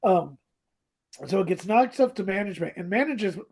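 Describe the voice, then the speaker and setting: A gravelly, husky co-host chats casually on a podcast. The voice swings widely in pitch, lively and animated. Quotes get acted out with relish. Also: moderate pace. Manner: animated, laughs, acts out quoted lines. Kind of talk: casual chat about a radio drama.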